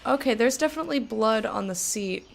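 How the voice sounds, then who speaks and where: A young woman casually commenting while playing a video game, chatty and thinking aloud, with sudden bursts of excitement. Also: fairly high pitch, brisk, creaky, slight background noise. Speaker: let's play streamer.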